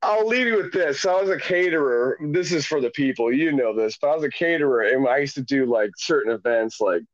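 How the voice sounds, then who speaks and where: A man's voice: medium pitch, animated, fairly quick, no echo, muffled recording. A man telling stories in a casual podcast chat, swearing often and laughing through his words. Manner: profane, laughing storyteller. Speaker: podcast guest.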